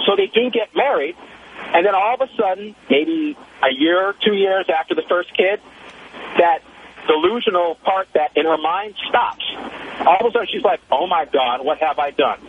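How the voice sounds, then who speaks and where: A male caller with a high voice, heard over a tinny phone line with faint hiss. He tells his story casually, with animated, chatty energy. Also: moderate pace. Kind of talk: casual storytelling on a call-in show.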